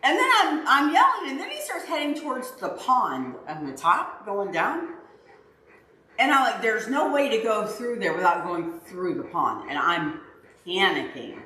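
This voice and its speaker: A lively woman with a bright, forceful voice tells a story to her livestream chat. She is animated and acts out her own yelling. The sound is roomy, with faint noise behind her. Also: mid-range voice, measured pace. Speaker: livestream host, dog owner.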